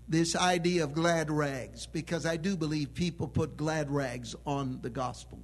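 A man preaching a sermon with emphatic delivery that swells into loud proclamation. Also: a little high, a little slow, slight background noise.

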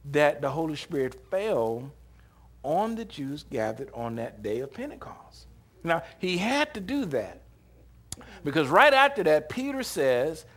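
A man's voice: fairly high pitch, husky. A man preaching a sermon, retelling scripture in a casual, humorous way and laughing often, with short acted-out quotes. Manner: animated, acts out short quoted lines.

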